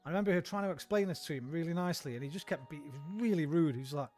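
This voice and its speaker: Guy streaming a game, fairly high-voiced, ranting and sweary, faint music under. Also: animated, rapid-fire, hardly any pauses, a little mellow. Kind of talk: casual gameplay chat.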